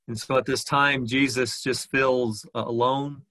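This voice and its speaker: A man leads a reflective sermon, pausing often and restarting his phrases. His voice has a bright, forward tone. The sound is dry and close. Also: medium pitch, steady tone, dry recording. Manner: hesitant, many fillers and restarts. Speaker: pastor.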